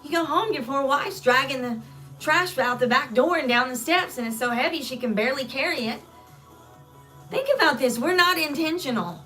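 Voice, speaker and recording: A woman coaching live, talking earnestly and slipping into little acted-out snippets of everyday dialogue to make her point. Her voice sits fairly high, with faint music underneath. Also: moderate pace, pushed and bright. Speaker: spiritual life coach.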